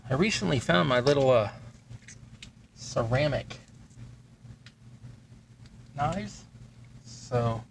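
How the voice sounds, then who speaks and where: On a terrain-crafting livestream, a man with a creaky, medium-pitched voice casually narrates each step at his workbench, thinking aloud as he goes. There's noise in the background.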